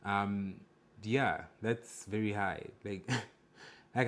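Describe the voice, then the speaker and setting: A man with a fairly low voice reacts to clips with blunt, judgmental remarks. He lectures his viewers in a direct, opinionated way. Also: steady tone, extremely slow, long pauses. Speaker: reaction video host. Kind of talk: reaction commentary.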